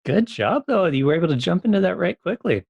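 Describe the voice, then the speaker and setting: A man's voice: sits high, very animated, fast, creaky, husky, no echo, lo-fi sound. Teasing male interview host. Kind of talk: casual interview chat.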